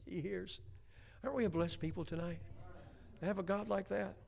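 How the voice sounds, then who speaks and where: A man's voice: high voice, steady tone, moderate pace, creaky, darkish tone. A middle-aged man preaching a homespun sermon, chatty, with many stammered restarts. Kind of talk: folksy sermon.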